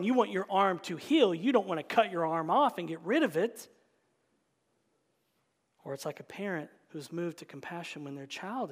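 A male pastor preaching a sermon, swinging between forceful emphasis and hushed whispers. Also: sits high. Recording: long reverb of a large hall.

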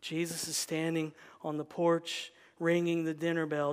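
Male pastor, emphatic sermon delivery with loud calls and hushed asides, high voice, long church-hall reverb. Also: completely flat delivery, a little slow, few pauses, clear, resonant tone. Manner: emphatic preaching, swinging between loud calls and hushed whispers. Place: church sanctuary.

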